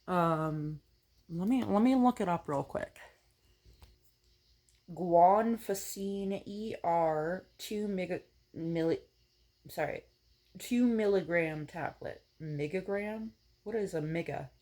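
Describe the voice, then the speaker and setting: A woman's voice: fairly low pitch, slow pace, mellow. A woman chatting casually while doing her makeup at home, rambling with lots of ums and self-corrections. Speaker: makeup vlogger. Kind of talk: casual get-ready-with-me chat. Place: home, on a couch.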